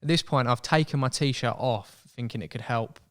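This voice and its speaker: A young man telling a story as a podcast guest in casual chat, animated and acting out voices. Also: medium pitch, moderate pace. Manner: chatty, animated, acts out quoted voices.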